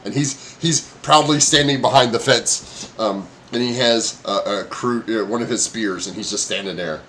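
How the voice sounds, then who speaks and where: A man narrating as game master in a tabletop game, halting with many ums and uhs and laughing often. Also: fairly low pitch, fairly bright tone, a little hiss or hum.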